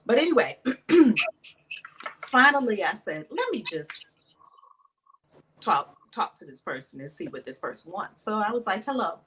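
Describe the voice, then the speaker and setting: A woman's voice: mid-range voice, very animated, measured pace, pauses often, fairly bright tone, a little hiss or hum, rough recording. A woman telling a funny story in casual chat, acting out quotes and laughing often. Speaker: co-host.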